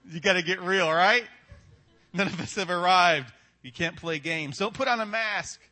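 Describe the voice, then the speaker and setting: A man's voice: high-pitched, normal speed, pushed and bright. A male pastor preaching a sermon in a casual, conversational way, tossing in rhetorical questions and humor.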